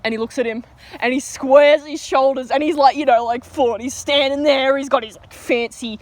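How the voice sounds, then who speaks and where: A woman's voice: high voice, steady tone, moderate pace, no echo. A teenage girl with an Australian accent, telling a story in a chatty, giggly way with lots of fillers, recorded outdoors. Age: teens. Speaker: vlogger. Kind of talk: storytime rant.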